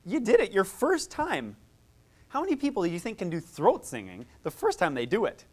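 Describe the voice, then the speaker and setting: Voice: mid-range voice, huge pitch swings, moderate pace, a little mellow. A music therapist leading a live workshop, coaching participants through vocal exercises in an encouraging, chatty way with frequent asides.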